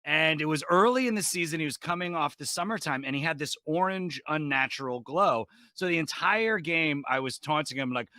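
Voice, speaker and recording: Comedian guy on a video call, bright sharp voice, brash punchy storytelling, dry sound. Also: on the high side, animated, a little fast, hardly any pauses, dry recording. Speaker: comedian guest. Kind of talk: animated comic storytelling.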